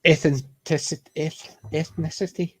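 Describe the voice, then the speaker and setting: A man's voice: fairly high pitch, fairly even intonation, unhurried. A man with a Scottish accent talking in a casual panel discussion, emphatic and opinionated, often restarting his sentences. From Scotland. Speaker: podcast panelist.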